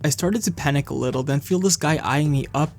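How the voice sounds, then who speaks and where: A young adult man narrating a comedic animated storytime, playful, slangy and self-deprecating. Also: on the high side, fairly quick.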